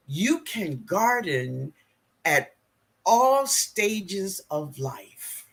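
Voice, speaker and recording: A middle-aged man hosts a live gardening stream with a husky, slightly raised voice. He talks slowly, with a lively rise and fall in his pitch. He laughs easily and greets his viewers by name as he reads the chat. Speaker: gardening show host reading live chat.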